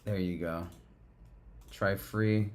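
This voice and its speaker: A man's voice: deep voice, steady tone, takes it slowly, darkish tone. Profane, rambling livestream trader man. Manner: chants rap lyrics between loose profane trading talk. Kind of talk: live market commentary.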